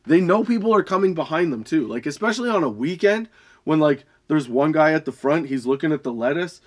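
A young adult man, high and laughing often, reading odd facts and ranting with a lot of swearing. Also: expressive, a little fast. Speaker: podcast host. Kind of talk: casual stoned rant.

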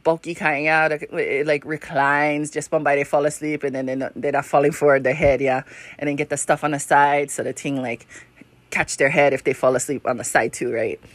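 A fairly low-pitched woman in her thirties with a Hawaiian Pidgin-tinged accent tells a casual story. She rambles, swears freely and laughs often. Her voice sounds dry and close, with no room around it. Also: fairly bright tone, no echo. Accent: Hawaiian Pidgin-tinged English. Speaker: podcast host.

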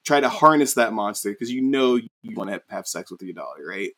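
A man's voice: fairly low pitch, lively intonation, brisk, a bit bright. A man voicing a defiant young male prisoner who taunts his captor, in a casual retelling. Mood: taunting. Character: defiant young male captive, calm and cutting.

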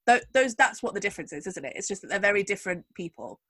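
A woman's voice: mid-range voice, sing-song, very fast, bright, forceful tone, slightly rough, no room sound. Woman, podcast host, wry storyteller, dry close recording. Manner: chatty, wry storyteller with asides. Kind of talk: casual chat.

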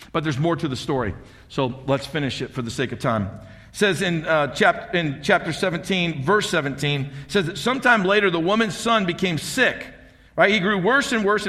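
A high-voiced pastor preaches with emphatic drive, throwing rhetorical questions to his congregation. His bright tone rings out with a long hall reverb trailing behind it. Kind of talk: sermon.

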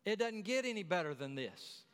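A man's voice: sits high, big pitch swings, moderate pace, a bit bright, clean tone, in a large hall. A man preaching a sermon, telling the story in a folksy way with chatty asides.

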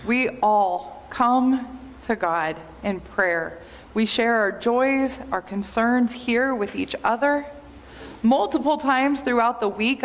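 A woman pastor giving an earnest, measured sermon in a church. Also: a little high. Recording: long hall reverb.

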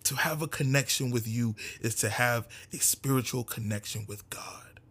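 A man speaks to his community in an impassioned monologue, his voice husky and middle-pitched. He drives his points home with fervent repetition, rising to forceful emphasis and dropping to near-whispers. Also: moderate pace.

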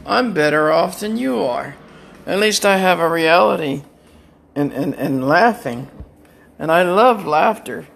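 A man's voice: on the high side, creaky, fairly bright tone, slight background noise. An older man talks in a rambling personal monologue, defiant and taunting, and he breaks into laughter now and then. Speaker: vlogger.

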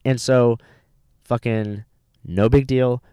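A man's voice: medium pitch, steady tone, takes it slowly, mellow, smooth, no room sound. Profane young man telling a story. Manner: profane storytelling, mimics people in a raised voice. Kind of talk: casual podcast chat.

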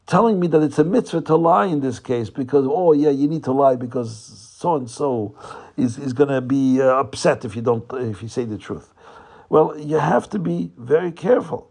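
Gravelly male storyteller. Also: on the high side. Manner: animated, repeats phrases for emphasis, restarts. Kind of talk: animated religious storytelling.

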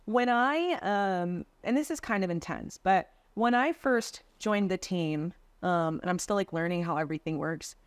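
A woman's voice: fairly low pitch, normal speed, hardly any pauses, clear, resonant tone, dry recording. A young woman guest on a podcast, telling stories from her sales work in a casual, chatty way full of "like" and "dude", acting out what people said. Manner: chatty, lots of "like" and "dude", acts out quotes. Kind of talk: casual interview storytelling. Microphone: video call.

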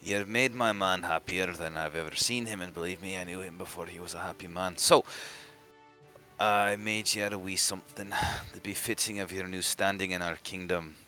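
A man's voice: deep voice, steady tone, moderate pace, bright, forceful tone, faint music behind. A man doing a hearty old smith. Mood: fond.

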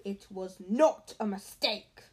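A woman's voice: high-pitched, big pitch swings, extremely slow, pushed and bright, slightly rough, exaggerated voice. A woman voicing an indignant young boy who insists on getting his letter. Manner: insistent, angry.

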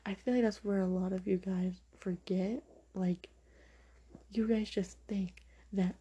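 A woman's voice: mid-range voice, steady tone, normal speed, mellow, slightly rough, lo-fi sound. A young woman hosting a podcast, speaking frankly and opinionatedly in a casual monologue full of fillers. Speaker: podcast host.

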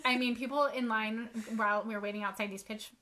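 Woman co-host, thirties, bright higher voice, chatty self-deprecating storyteller. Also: fairly even intonation, fast talker. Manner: chatty, self-mocking storyteller, laughs often. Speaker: podcast co-host, author. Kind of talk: casual chat.

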